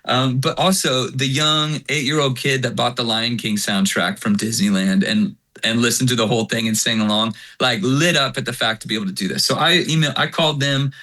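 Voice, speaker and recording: Picture a man in his forties chatting as an interview guest. His voice is bright and forceful at a middle pitch, and he tells stories with energy, slipping into the voices of the people in them. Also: a little fast, hardly any pauses. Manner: animated storyteller who acts out quoted lines. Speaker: interview guest, worship singer. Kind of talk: casual interview chat.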